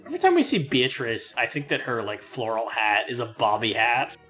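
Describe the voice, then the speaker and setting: A man co-hosting casual gaming commentary with deadpan, teasing jokes. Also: mid-range voice, brisk, faint music behind. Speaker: co-host.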